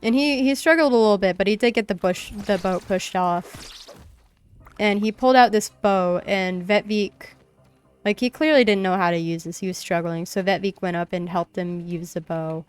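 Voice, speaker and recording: Young woman streamer rambling about her d&d session, smooth clear voice, lots of likes and ums. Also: medium pitch, normal speed. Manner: rambling storytelling, many fillers. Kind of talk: casual chat while gaming.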